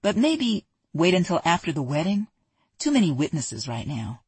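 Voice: mid-range voice, wildly swooping pitch, normal speed, husky, dry recording, heavily acted. A narrator doing a wry, easygoing male friend.

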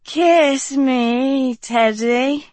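A woman voicing a drugged teenage girl who slurs in a slow, dreamy sing-song in a storybook reading. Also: high voice, darkish tone, no echo, pitched above the performer's own voice. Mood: slurred, giddy.

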